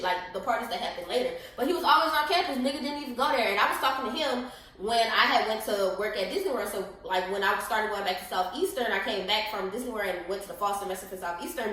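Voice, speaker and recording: A young woman co-hosting a podcast, telling a story in casual, profane, animated chat and acting out other people's lines. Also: fairly high pitch, fast. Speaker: podcast co-host. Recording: echoey room.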